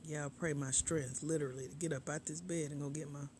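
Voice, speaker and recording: Lying in bed at home, a woman grant coach chats casually on a livestream captured by a tablet, reading viewers' comments aloud and laughing often. Her voice is deep, steady, brisk and darkish, with a little hiss or hum in the background. She's a bit drowsy and struggling not to nap.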